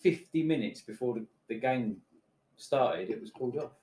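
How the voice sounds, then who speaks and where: A man's voice: mid-range voice, expressive, moderate pace, warm tone. A man co-hosting a casual football podcast, chatty and telling stories with lots of filler words. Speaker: podcast co-host. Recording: roomy echo.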